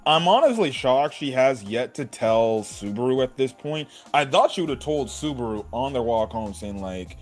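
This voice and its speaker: A young man talks through an anime episode in a loose, excited ramble, peppering his talk with "bro" and "right?". His voice sits at an ordinary middle pitch. Faint music plays under him. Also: normal speed, few pauses. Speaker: anime reviewer. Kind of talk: casual episode review.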